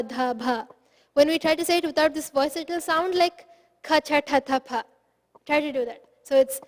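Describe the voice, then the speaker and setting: A woman's voice: high voice, in a large hall. A woman teaching a phonetics class, patiently explaining step by step and sounding out syllables aloud.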